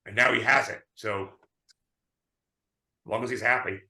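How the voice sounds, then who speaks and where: In an echoey room, a male podcast co-host with a mid-range voice talks movies casually at a moderate pace. He tells stories with animation and acts out the quotes.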